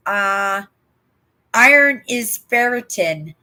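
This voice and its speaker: An older woman from Canada hosts a casual livestream, reading comments aloud and talking back to viewers by name. Her voice sits a little high and bright, and she speaks slowly, with rambling asides and frequent "right?" tags. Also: animated. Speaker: livestream host.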